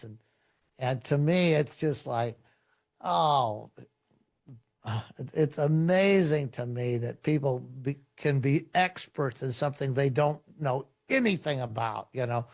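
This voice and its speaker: A man who is a pastor, a podcast guest telling a story in a relaxed, conversational way. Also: mid-range voice, a little slow.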